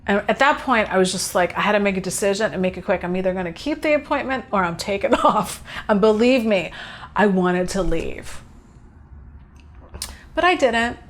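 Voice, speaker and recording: An earnest woman hosting a casual spiritual talk, at a mid-range pitch. She tells a personal story in a relaxed, unscripted way and thinks aloud as she goes. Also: normal speed. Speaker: host.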